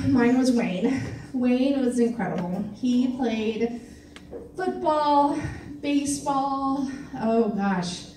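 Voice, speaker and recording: A woman from Missouri doing a stand-up comedy set on a club stage, with a dry, self-deprecating delivery full of pauses and fillers. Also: sits high, mellow, slight background noise. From Missouri, USA. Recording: echoey club room, mic from a distance, faint ambience.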